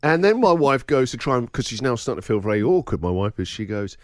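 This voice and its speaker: A man's voice: mid-range voice, fast talker, no echo, clean studio sound. A man hosting a radio breakfast show, telling a story in casual chat and acting out the people in it. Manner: animated, laughing storyteller acting out quotes.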